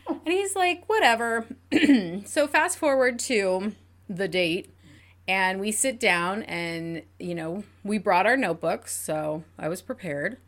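A woman's voice: medium pitch, animated, takes it slowly, a bit bright. A woman co-hosting a casual podcast, telling dating stories animatedly, giggling often and full of fillers. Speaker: podcast co-host.

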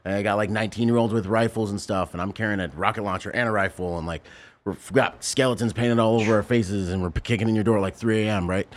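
A man's voice: lowish voice, steady tone, fast. A man, a Marine veteran, telling stories in a casual conversation and acting out the voices of people he quotes. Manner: intense storytelling, acts out quoted voices.

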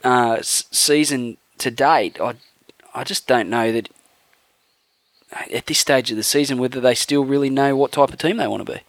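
Male podcast co-host, mid-pitched, sarcastic and profane, dry close recording. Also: moderate pace, dry recording. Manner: blunt, profane, sarcastic banter. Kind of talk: casual sports podcast chat.

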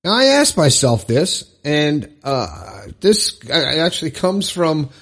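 A male podcast host speaking on his own. His slightly high voice swings up and down a lot as he talks. He sounds encouraging and chatty, and he drifts into casual fillers and restarts. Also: very animated, slow, fairly bright tone, breathy edge. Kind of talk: upbeat solo podcast monologue.

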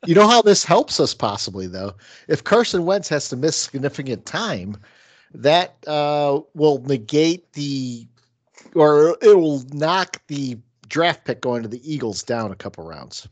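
A man hosting a sports podcast, reading listener questions in a lively, upbeat way. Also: a little high, measured pace, no room sound. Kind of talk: casual sports chat.

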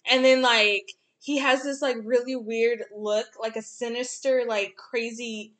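A young woman in casual chat, animated and profane, often laughing as she talks. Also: on the high side, a little slow.

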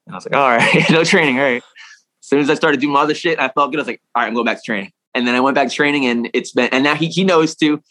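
Young male interview guest: quick, low-ish, profane, rambling storyteller; dry close mic. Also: pushed and bright, dry recording.

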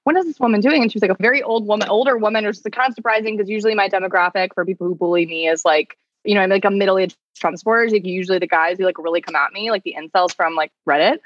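A young adult woman, an attorney guest on a podcast, telling an animated story in casual chat, full of "like" and quoted lines. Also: mid-range voice, racing, hardly any pauses, no room sound, highs cut off. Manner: animated storytelling, heavy use of "like", quoting people. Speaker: attorney and content creator, guest.

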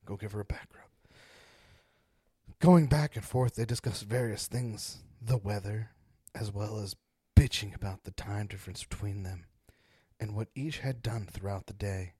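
A man's voice: on the low side, moderate pace, darkish tone, slightly rough, dry recording, clean studio sound. A man hosting a casual podcast, joking around and reading spooky stories aloud with dramatic emphasis. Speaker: podcast host.

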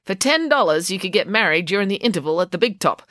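A storybook narrator voicing a brisk, impatient countrywoman who talks in a matter-of-fact, sing-song way. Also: mid-range voice, lively intonation, sharp tone, no room sound, clean studio sound, voice pushed up. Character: brisk older countrywoman cat lady, impatient.

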